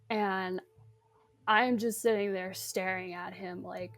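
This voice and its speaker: A young woman in an interview recounting a personal ordeal, halting, with restarts and nervous laughs. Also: mid-range voice, steady tone. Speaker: interview guest recounting abuse.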